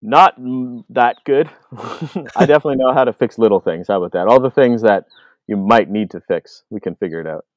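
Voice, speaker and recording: A Canadian filmmaker telling stories in a casual interview, acting out other people's lines, with lots of fillers. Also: male voice, fairly low pitch, brisk, no room sound, dull audio. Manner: animated, acts out quoted voices, many fillers. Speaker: filmmaker guest. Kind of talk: casual storytelling.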